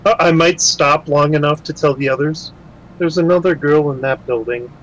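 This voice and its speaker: A man playing in a tabletop game, speaking in a relaxed, matter-of-fact way. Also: a little high, moderate pace, slight background noise, poor audio. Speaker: player. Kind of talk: casual in-character play.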